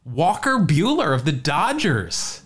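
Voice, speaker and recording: A man's voice: a little high, wildly swooping pitch, takes it slowly, a bit bright, husky. A man co-hosting a casual podcast, telling a jokey baseball story, often stumbling and repeating words.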